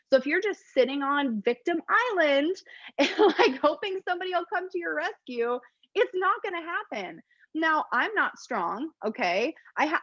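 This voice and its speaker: A woman's voice: on the high side, no room sound, muffled recording. Chatty, laughing woman giving a pep talk. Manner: chatty, self-deprecating, laughs often. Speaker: network marketing presenter. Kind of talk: casual motivational talk.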